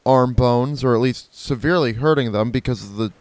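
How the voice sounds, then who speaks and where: Speaking a little fast in a medium-pitched, darkish voice, this man hosts a gameplay video and chats casually through his let's-play. He rambles with a playful streak, keeps correcting himself, and mimics creature cries, all in a recording without echo.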